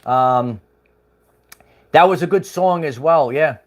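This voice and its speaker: A man's voice: on the high side, slow pace. A man hosting a livestream, chatting casually in a rambling way with chuckles and many fillers. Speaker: livestream host.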